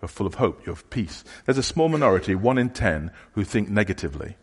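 Man, preacher, sermon, low husky voice, halting conversational delivery, long reverb of a church hall. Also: very animated. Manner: conversational, halting with restarts, voices imagined questions.

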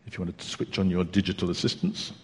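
A man preaching a sermon in a church, telling stories in a chatty, unhurried way with small hesitations. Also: deep voice, steady tone, a little hiss or hum. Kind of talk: sermon with a joke. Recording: long reverb of a church hall.

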